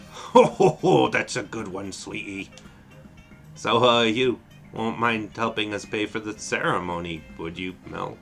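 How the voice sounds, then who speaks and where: A man voicing a gruff, warm-hearted older father with a put-on Irish accent, reading game dialogue aloud with hearty laughs. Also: on the low side, steady tone, unhurried, faint music behind. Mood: jovial.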